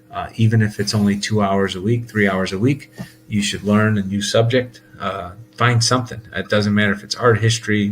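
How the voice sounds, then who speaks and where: A man's voice: lowish voice, slight background noise. A man talking casually in a rambling monologue, full of fillers, restarts and laughs. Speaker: host.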